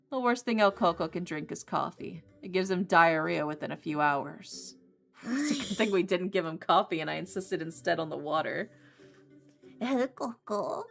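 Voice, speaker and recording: A woman's voice: on the low side, sing-song, a little slow, vocal fry, fairly bright tone, soft background music, exaggerated voice. A woman voicing a tired, fretful professor in a visual novel game, scolding and worn out. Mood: weary. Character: weary, fretful professor caring for creatures.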